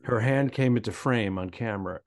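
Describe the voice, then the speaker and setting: A man's voice: on the low side, fairly quick. A dry, wisecracking man with a New England accent trades jokes with his co-host on a comedy podcast. His tone is teasing and his delivery is offhand. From New England, Rhode Island. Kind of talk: casual comedic banter.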